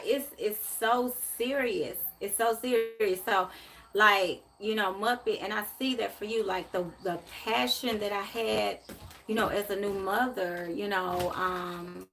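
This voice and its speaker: Hosting a casual live tarot stream, a woman from Memphis, USA speaks emotionally and repetitively to her viewers. Her medium-pitched voice is fairly bright and unhurried.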